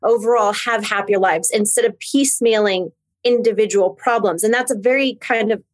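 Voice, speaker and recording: A woman's voice: mid-range voice, moderate pace. Thoughtful woman co-host summing up. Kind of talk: conversational interview.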